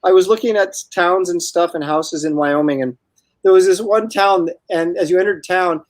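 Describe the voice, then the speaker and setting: A man's voice: high-pitched, normal speed, no echo. A man hosting a casual chat, rambling and restarting his sentences, chuckling often. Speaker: host. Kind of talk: casual chat while drawing.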